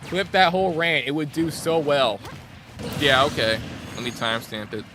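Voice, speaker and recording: A young man live-streaming a game, ranting sarcastically in a casual, animated way. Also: on the high side, moderate pace, background noise. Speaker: gaming streamer.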